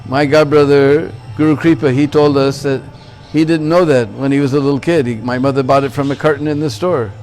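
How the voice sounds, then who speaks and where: A man's voice: medium pitch, steady tone, brisk, hardly any pauses, darkish tone, soft background music. A man giving a temple sermon, telling a story and checking in with listeners by asking "Hmm?" and "Huh?". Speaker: religious lecturer.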